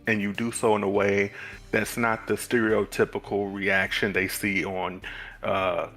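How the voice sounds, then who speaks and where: A man co-hosting a casual live stream, speaking in a measured, thoughtful way and stammering as he begins his points. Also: on the low side, flat delivery, a bit bright, faint music behind. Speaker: co-host.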